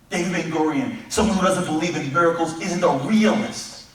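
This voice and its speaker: A man giving a humorous speech in a synagogue hall, telling stories as an animated storyteller who acts out characters in comic voices. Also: fairly high pitch, fairly quick. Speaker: speaker. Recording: distant echoey hall recording.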